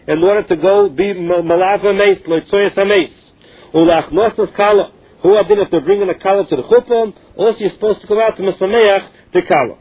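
A man teaching a Talmud lesson, reading each phrase and then explaining it in plain English. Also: sits high. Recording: tinny phone-line recording.

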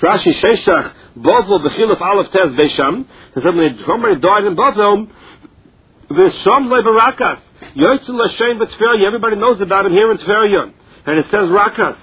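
A man's voice: high voice, expressive, moderate pace, breathy edge. A man teaching a Talmud lesson, reading each phrase and then explaining it in plain words. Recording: dull lo-fi recording.

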